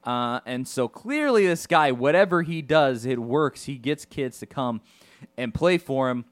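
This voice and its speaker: A man co-hosting a casual sports talk show, animated and quick to laugh, often restarting his sentences. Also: medium pitch, no echo. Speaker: sports radio co-host.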